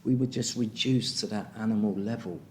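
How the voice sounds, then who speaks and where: A man's voice: on the low side, steady tone, fairly quick, a little mellow, a little hiss or hum. An English man in his fifties giving a frank personal share at a recovery meeting, bluntly asking "do you know what I mean" again and again. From England. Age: 50s. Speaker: speaker sharing at a recovery meeting.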